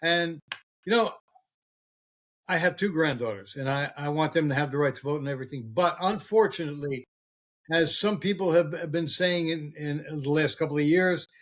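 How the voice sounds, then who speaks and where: Older male podcast host, high voice, heated, swearing, halting with fillers. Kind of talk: casual political chat.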